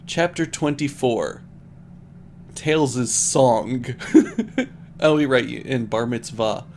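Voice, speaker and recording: A man's voice: medium pitch, very animated, drawn-out words, a little mellow, slight background noise. A man on a stream reading bad fan fiction aloud as comedy, often laughing and breaking off to mock the text.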